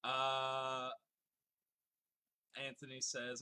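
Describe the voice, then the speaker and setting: Man, live game streamer, bright forceful voice, swears a lot, laughs, reads chat out loud. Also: medium pitch, animated, a little slow. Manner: swears freely, laughs often, joking exasperation. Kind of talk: casual gameplay commentary, reading chat aloud.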